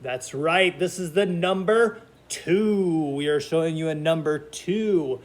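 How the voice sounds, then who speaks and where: A man's voice: on the high side, slow. A man teaching a kindergarten counting lesson to students at home, cheerful and patient, with sing-song counting. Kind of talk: remote lesson for young children.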